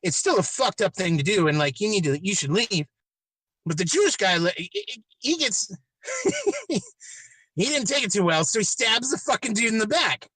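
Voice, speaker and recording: A man's voice: high-pitched, sing-song, moderate pace, pushed and bright, slightly rough, no room sound. A man hosting a podcast, retelling a movie plot in a casual, rambling, profane way with many restarts. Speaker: podcast host.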